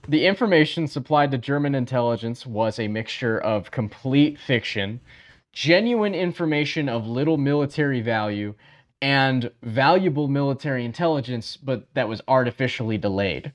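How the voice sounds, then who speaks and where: A man's voice: mid-range voice, lively intonation, moderate pace. A man co-hosting a podcast, casually telling a history story with many fillers and frequent yeahs.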